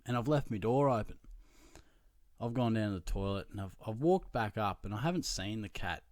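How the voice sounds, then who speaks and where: A young Australian man with a fairly low voice tells a story in a loose, sweary, self-mocking way. The recording is close and dry, with no room sound. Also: brisk, no echo. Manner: animated, profane, self-mocking anecdote telling. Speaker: podcast host. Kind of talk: casual storytelling.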